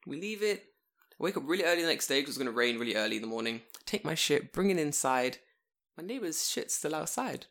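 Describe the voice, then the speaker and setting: A young man tells a long, rambling story in a casual chat with a friend. He swears freely, his pitch jumps all over the place, and his voice has a bright, forceful edge. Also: fast. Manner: animated storytelling, heavy swearing.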